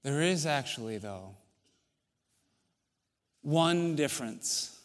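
A man preaching a sermon in a church, measured, with long pauses, building to emphatic stretches. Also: on the high side, a bit bright. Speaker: pastor. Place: church sanctuary.

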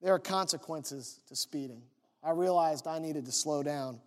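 High-pitched pastor guy telling stories in his sermon, big church reverb. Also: normal speed. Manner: animated storytelling, conversational.

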